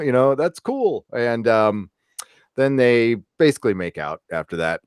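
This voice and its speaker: A man co-hosting a casual review chat, retelling scenes with quick agreeing asides. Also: medium pitch, very animated, smooth, no room sound, studio quality. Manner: chatty, quick agreeing interjections. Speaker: podcast co-host reviewing a TV episode.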